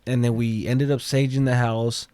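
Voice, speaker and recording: A man's voice: mid-range voice, normal speed, no room sound. Man telling a spooky story, dry sound. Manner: animated storyteller, acts out quotes, swears. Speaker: podcast guest. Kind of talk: casual podcast chat.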